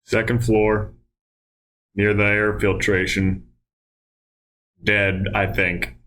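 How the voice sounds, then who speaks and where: A player in a tabletop game speaking in character with a deadpan manner. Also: deep voice, takes it slowly.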